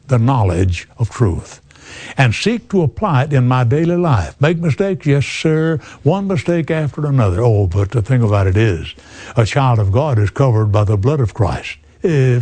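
A man in his eighties preaching a sermon, slow and earnest, often calling the listener "friend". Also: medium pitch, expressive, a little mellow, breathy edge, no echo. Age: 80s.

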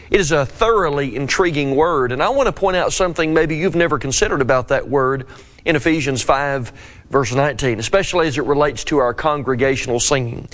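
A man's voice: a little high, normal speed, a bit bright. A man preaching a devotional scripture lesson, asking his listeners earnest questions.

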